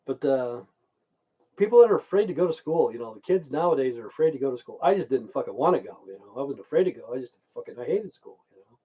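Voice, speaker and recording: An older man from the United States rambling and cursing as he chats with his livestream viewers, swinging between loud bursts and mumbles. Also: medium pitch, sing-song, fast, husky. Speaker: livestream host chatting with viewers. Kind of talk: rambling casual livestream rant.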